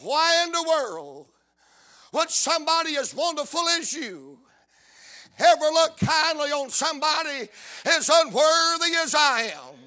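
A man with a South Carolina accent preaching a revival sermon, chanting, shouting and whooping, repeating his lines in rhythm. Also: very high-pitched, very animated, unhurried.

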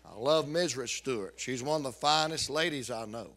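A male preacher, delivering a revival sermon with emphatic, drawn-out repetition and joking asides. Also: medium pitch, fairly bright tone.

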